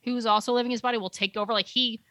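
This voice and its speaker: A woman with a bright, clear voice chats casually, recapping a show in loose, rambling sentences. She often trails off to search for a name. The sound is dry and close, with no room echo. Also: fairly high pitch, steady tone, racing. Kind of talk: casual chat recapping a TV episode.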